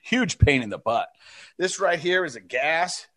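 A man with a somewhat high voice banters casually on a podcast. He teases and jokes in a relaxed, playful way. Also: a little slow. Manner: joking, teasing banter. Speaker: podcast co-host. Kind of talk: casual chat.

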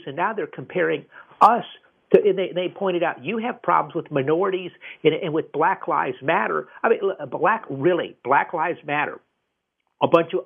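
A man hosting talk radio, giving emphatic political commentary and restarting his sentences often. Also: fairly high pitch. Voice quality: gravelly, husky. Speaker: radio host. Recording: tinny phone-like radio audio.

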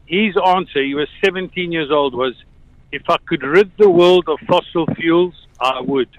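A man's voice: on the high side, normal speed, dull audio. A man in his fifties with a South African accent, calling a radio show and eagerly telling a story. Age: 50s. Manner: eager storyteller, laughs between points. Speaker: radio caller. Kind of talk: casual phone-in chat.

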